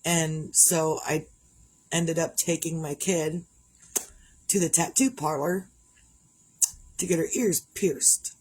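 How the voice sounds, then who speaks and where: Middle-aged woman, low-ish voice, candid rambling vlog chatter. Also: takes it slowly, long pauses, a little mellow, husky. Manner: rambling, candid, conversational with frequent restarts. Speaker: parent vlogger. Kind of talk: casual personal vlog monologue.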